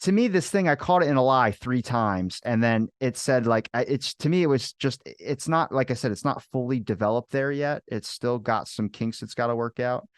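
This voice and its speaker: A man hosting a podcast, telling stories in an animated, profane, casual way. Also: medium pitch, normal speed, few pauses, no echo, clean studio sound.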